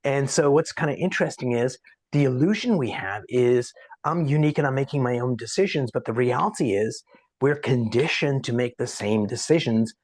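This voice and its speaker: A man who is a podcast guest, talking casually and telling an anecdote in a lively way, voicing the people in it. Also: medium pitch, normal speed, no echo. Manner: animated anecdote-teller, acts out quotes. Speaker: podcast guest, sales coach. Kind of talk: casual storytelling in conversation.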